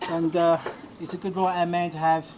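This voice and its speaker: A man delivers a rambling best man's speech at a wedding reception, cracking jokes and laughing as he goes. His voice sits high. Loud background noise runs under the whole speech. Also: monotone, fairly quick. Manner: jokey, rambling, often laughing.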